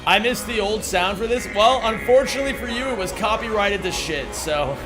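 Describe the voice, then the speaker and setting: A man streaming a game speedrun, chatting casually with his chat, swearing and bursting into excited shouts. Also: high voice, brisk, music in the background. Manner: reads chat aloud, swears, excitable outbursts.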